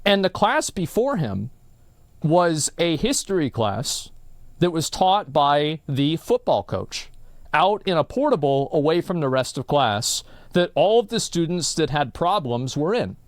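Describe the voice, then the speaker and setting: A man's voice: a little high, very animated, measured pace, dry recording. A man from Texas hosting a live stream, telling a long story in a rambling, profane way full of filler words.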